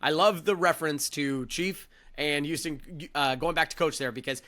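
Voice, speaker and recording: A man co-hosting a casual sports podcast, rambling with restarts and fillers in an animated way. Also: on the high side, moderate pace. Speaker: podcast co-host.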